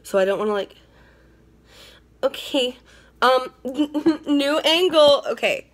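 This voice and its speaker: A young woman with a high voice and lively intonation speaks slowly while unboxing beauty products at home. As a beauty vlogger, she chats casually and gushes, often repeating herself in her bubbly way.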